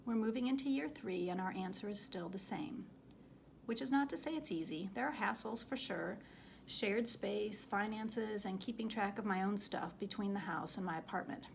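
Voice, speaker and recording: A woman reading her own personal essay aloud in a measured, earnest way. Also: medium pitch, vocal fry, slight background noise.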